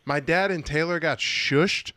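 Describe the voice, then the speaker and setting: A man with a slightly high voice speaks at a measured pace, with no echo, while co-hosting a casual podcast. He swears and tells stories about his family at a comedy show, acting out the quotes in animated voices.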